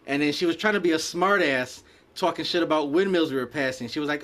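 A man's voice: on the high side, fast talker. A man in casual chat, telling a story with lots of swearing and acted-out quotes. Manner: profane, animated storyteller acting out quotes. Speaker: podcast co-host telling a story.

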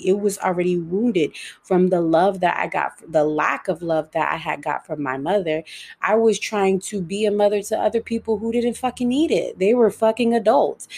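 A young adult woman giving a frank, emotional personal monologue, swearing freely and shifting between fast and slow delivery. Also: mid-range voice, creaky, darkish tone, breathy edge.

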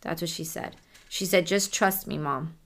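A woman working as a psychic medium, softly relaying messages during a reading in a casual, conversational way. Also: low-pitched, moderate pace.

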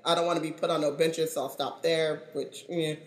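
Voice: medium pitch, level tone, a little fast. A podcast co-host in casual chat, slangy, joking and emphatic. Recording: roomy echo.

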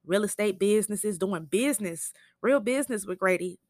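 A woman's voice: mid-range voice, normal speed, a little mellow, no echo, studio quality. A young woman hosting a TV recap podcast, telling the episode in a blunt, profane, chatty way. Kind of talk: casual spoken show recap.

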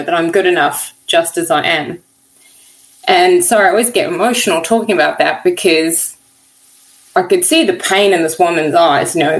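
Low-voiced earnest woman researcher. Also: poor audio. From not from America. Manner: earnest, heartfelt, many "you know" fillers. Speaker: guest, workplace equality researcher. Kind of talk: candid storytelling interview.

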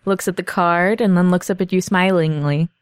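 A woman narrating as game master of a tabletop game, animated and hesitant with many fillers. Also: lowish voice, moderate pace, clean tone, no room sound.

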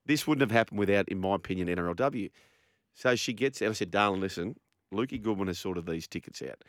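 Animated Australian radio host, low voice. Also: male voice, fast, no echo, clean studio sound. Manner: animated storyteller, laughing. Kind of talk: sports radio chat.

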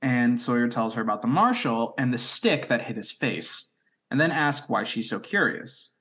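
Man, podcast co-host, animated pitch, casual plot recap. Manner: recaps plot in a quick storytelling way. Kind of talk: casual chat.

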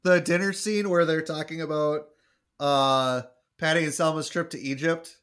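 A man's voice: a little high, steady tone, normal speed, a bit bright, clean tone. Man dryly cracking jokes on a podcast. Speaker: podcast co-host. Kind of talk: casual chat.

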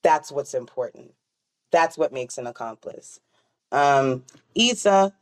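A woman hosting a casual podcast chat, telling stories in an animated, profane and joking way. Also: rumbling low, slow.

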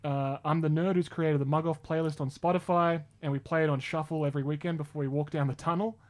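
A man's voice: fairly high pitch, steady tone, quick pace. A man co-hosting a podcast, talking casually with frequent hesitations. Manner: hesitant, many ums and uhs. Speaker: podcast co-host.

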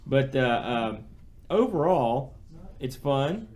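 A man's voice: medium pitch, very animated, takes it slowly, a little mellow. A man co-hosting a podcast, reviewing an old video game in casual chat and rambling through restarts and fillers. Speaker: podcast co-host.

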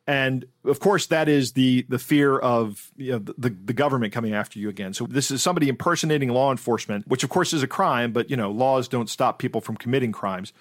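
A man's voice: mid-range voice, fast, hardly any pauses, no room sound, clean studio sound. A man co-hosting a podcast, casually telling a scam story and acting out the quoted voices. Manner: storytelling, acts out quoted voices, laughs easily. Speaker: podcast co-host. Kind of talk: casual chat.

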